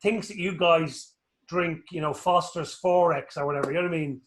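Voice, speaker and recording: Animated Irish man in an echoey room. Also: a little high, brisk, noisy background. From Northern Ireland. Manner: rambling, animated storyteller, joking. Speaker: guest, anatomist. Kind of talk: casual interview chat.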